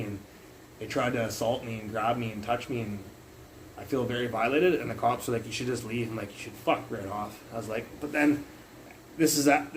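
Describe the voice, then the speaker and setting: A young man speaking casually into a phone on a livestream. His story tumbles out in loose, profane bursts at an ordinary middle pitch. A faint background hum sits under his voice. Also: low-quality recording. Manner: rambling, profane, animated retelling.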